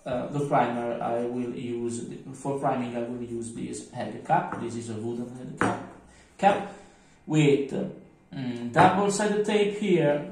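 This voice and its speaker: A man with a French accent giving a casual hands-on tutorial, thinking aloud and halting as he works. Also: medium pitch, creaky, darkish tone. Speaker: miniature painting tutor. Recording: echoey room, mic at a distance.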